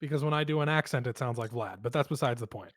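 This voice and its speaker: A man narrating as game master for a tabletop game, easygoing and rambling, full of ums and likes. His voice sits at a medium pitch and is recorded dry and close. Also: quick pace, no room sound. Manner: relaxed, rambling with many fillers.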